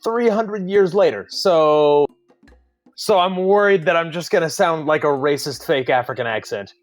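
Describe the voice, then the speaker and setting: A man's voice: a little high, normal speed, faint music behind. A man from Texas chatting as a player in a tabletop game session, self-deprecating and often restarting his sentences. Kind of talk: casual group chat.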